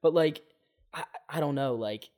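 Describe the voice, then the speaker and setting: A man's voice: on the high side, a little slow, a little mellow. A man in a casual sports podcast chat, hedging his opinions with many fillers and restarts. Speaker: podcast guest.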